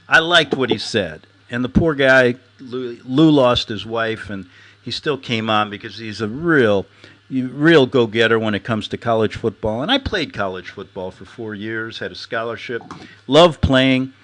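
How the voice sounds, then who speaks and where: A man's voice: mid-range voice, measured pace. A middle-aged man hosting a show, ranting and telling stories casually, acting out quotes and laughing often. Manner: animated, storytelling, laughs often, acts out quotes. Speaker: host.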